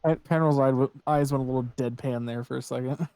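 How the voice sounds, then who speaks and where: A man's voice: mid-range voice, fairly even intonation, quick pace, darkish tone, smooth, dry recording. A man playing a tabletop game, chatting casually in a playful, joking way. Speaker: player.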